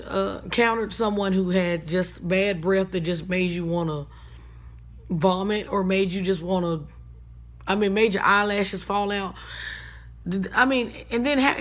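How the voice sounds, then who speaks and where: Lady radio host, blunt and sassy, just chatting to listeners. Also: mid-range voice. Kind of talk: casual monologue.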